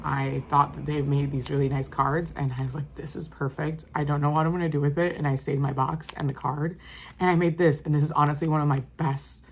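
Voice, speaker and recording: A woman's voice: low-pitched, creaky, slightly rough. A woman vlogger casually rambling through a walk-through of her craft journal, with many fillers and restarts. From New York State.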